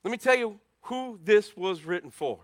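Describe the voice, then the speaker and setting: A man preaching a sermon, telling stories dramatically and swinging from loud emphasis to hushed tones. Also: sits high, animated, normal speed, no room sound. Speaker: pastor.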